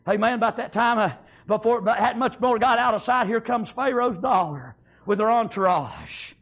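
A man's voice: high voice, lively intonation, moderate pace, fairly bright tone. A man preaching a fervent sermon, peppering it with amens and praise God.

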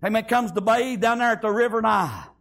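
A man's voice: high voice, a little fast, vocal fry, fairly bright tone. A man preaching a fervent sermon, peppering it with amens and praise God.

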